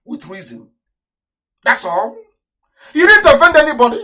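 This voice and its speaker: A man with a Nigerian accent delivering an impassioned live radio address, full of scornful rhetorical questions, swinging between loud outbursts and low mutters. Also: big pitch swings, a little slow, pauses often, low-quality recording. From southeastern Nigeria. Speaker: radio broadcaster and activist.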